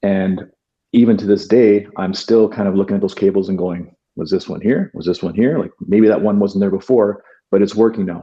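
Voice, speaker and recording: A man with a low, mellow voice tells his story slowly and earnestly, stopping and restarting often. He is a guest on an interview podcast. The sound is a little dull and lo-fi. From Canada. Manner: earnest, halting, many fillers and restarts. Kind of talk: reflective interview talk.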